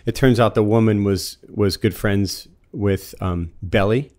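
A relaxed, chatty man in his fifties from Florida, talking as a podcast guest. His voice sits fairly low, and his easygoing, rambling delivery has the feel of someone swapping stories with a friend. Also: a little slow. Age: 50s. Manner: relaxed and chatty, laughs easily while telling anecdotes. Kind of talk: casual conversational storytelling.

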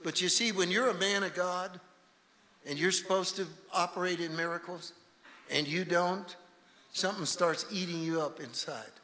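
A man preaching a revivalist sermon as a guest preacher in a church, swinging from shouting to hushed intensity. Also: high-pitched, fairly even intonation, normal speed. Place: church sanctuary. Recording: reverberant church hall, faint room noise.

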